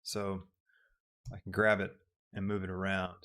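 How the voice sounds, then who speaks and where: A young man hosting a live software tutorial, thinking aloud as he works with lots of ums. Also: low-pitched, little pitch movement, a little slow. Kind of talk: live-streamed casual tutorial.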